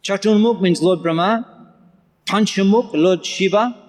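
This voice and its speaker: Man, scripture lecturer, slightly high voice, slow repeated verse lines, animated explanations, long hall reverb. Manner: repeats verse lines slowly, then explains them in English; animated, with occasional laughter. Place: large temple hall.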